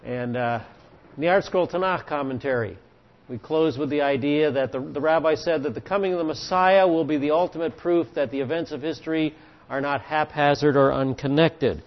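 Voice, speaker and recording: A man teaching a Bible study class, speaking in a measured, halting way with fillers and restarts. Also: on the high side. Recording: dull lo-fi recording.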